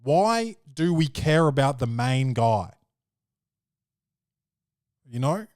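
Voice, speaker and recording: A man hosting a podcast, talking in a rambling, profane, animated way. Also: mid-range voice, slow, dry recording, studio quality. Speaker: podcast host. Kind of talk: casual chat.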